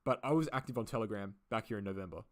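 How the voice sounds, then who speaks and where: A man's voice: fairly low pitch, rapid-fire. An Australian man hosting a live stream, answering viewer questions in a rambling way, full of fillers and repeated phrases. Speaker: crypto channel host.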